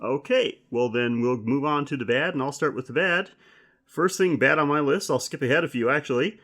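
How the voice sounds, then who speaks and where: A man's voice: mid-range voice, a little fast, a bit bright. A man co-hosting a horror film podcast in casual chat, rambling, swearing and laughing often. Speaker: podcast co-host.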